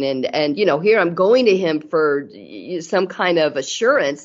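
A woman's voice: lowish voice, big pitch swings, normal speed, hardly any pauses, highs cut off. A woman in casual conversation about marriage, chatty and acting out remembered dialogue with her husband. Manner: chatty, acts out quoted dialogue.

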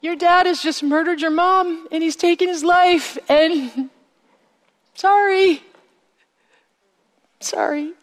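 A woman's voice: extremely high pitch, steady tone, slow pace, pauses often, voice pushed up. A woman voicing a grief-stricken woman who gasps and chokes out apologies between sobs. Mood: sobbing. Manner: choking, gasping, repeating apologies.

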